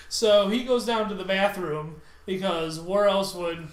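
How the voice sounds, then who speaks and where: High-voiced, swearing podcast co-host in an echoey room. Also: male voice, slow pace. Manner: animated, swears freely, acts out quotes. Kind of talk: casual profane recap chat.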